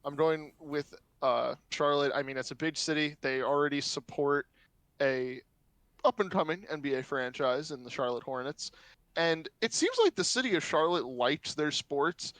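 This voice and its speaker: A young man co-hosts a casual podcast in a fairly high, smooth and clear voice. He eagerly lays out his reasoning at length, and the sound is close and dry. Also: lively intonation, normal speed, a bit bright, dry recording. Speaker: podcast co-host.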